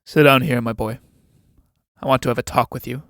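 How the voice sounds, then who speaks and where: A man's voice: medium pitch, fairly even intonation, brisk, a bit bright, no echo, clean studio sound, close to an everyday voice. A man playing a domineering middle-aged army captain with a patronizing, overbearing manner.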